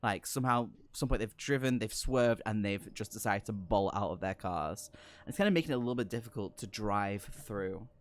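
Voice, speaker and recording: A man's voice: lowish voice, fairly quick. A man narrating a tabletop game as game master, hesitant with many fillers.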